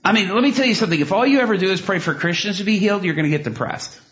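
Preacher man, slightly high voice, lively storyteller; dull lo-fi sound. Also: rapid-fire. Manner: animated storytelling, acts out quotes. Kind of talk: sermon with personal story. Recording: dull lo-fi recording.

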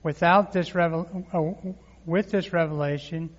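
A man's voice: on the high side, a little slow. A man preaching a sermon, reading scripture and calling on the crowd to repeat words back to him. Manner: lively preaching with crowd call-and-response. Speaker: pastor. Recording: muffled hall reverb.

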